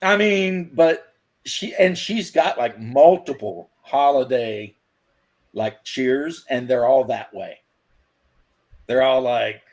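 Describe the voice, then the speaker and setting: A man's voice: medium pitch, takes it slowly, a little mellow. A man in casual chat, rambling and telling crude jokes, laughing at his own stories.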